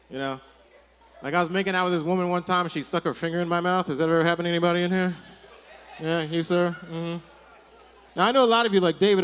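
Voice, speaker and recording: A man doing a stand-up set on a comedy club stage, telling stories in a rapid, animated way with bursts of mock panic. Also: on the high side, clean tone.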